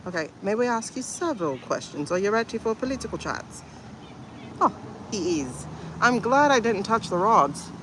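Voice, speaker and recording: A woman chats her way through a livestream in a loose, rambling manner with playful asides. Her voice sits at a middling pitch for a woman. The phone recording carries a clear layer of background noise. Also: very animated, moderate pace. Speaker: livestream host. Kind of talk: casual livestream chat.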